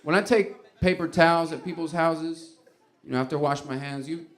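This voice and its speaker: A man in a stand-up set, musing and rambling with half-laughing asides. His voice sits a bit high, and his delivery wanders through loose questions. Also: moderate pace. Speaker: stand-up comedian.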